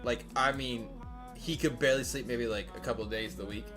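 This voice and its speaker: A man's voice: medium pitch, steady tone, fairly quick, over music. A man in his twenties talking on a gaming voice chat, rambling through a story with constant "like" fillers and casual swearing. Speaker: gamer on group voice chat.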